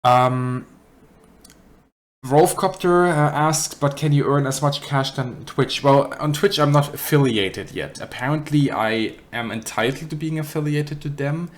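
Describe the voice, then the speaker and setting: In his apartment, a man with a German accent casually answers chat questions on a live stream, rambling and correcting himself with dry humour. His voice is on the high side and unhurried.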